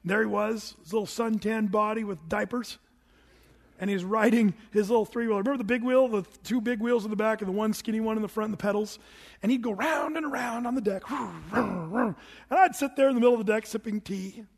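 A middle-aged man preaching a sermon as pastor, telling a story with animated swings that climb to shouts. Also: sits high, fairly quick, gravelly. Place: church sanctuary. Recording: long hall reverb.

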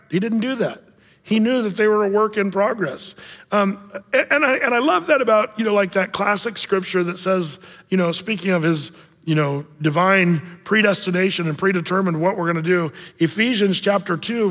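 A male pastor preaching in a church with a high, bright voice, animated and joking as he tells stories. The sound carries a long reverb from a big room. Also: moderate pace. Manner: animated, jokey storytelling with acted-out voices. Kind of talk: sermon.

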